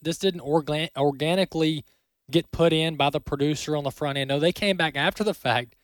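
A man's voice: medium pitch, a bit bright, dry recording, studio quality. A man hosting an opinion commentary segment. He speaks emphatically, often repeats words and ends points with "all right?". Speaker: host.

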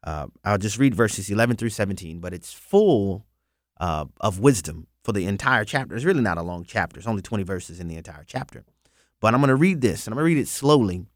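A man preaches on his radio program, earnest and emphatic, doubling back on phrases to drive each point home. His pitch swings widely as he presses his case. The sound is dry and close, with no room echo. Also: expressive, fairly quick.

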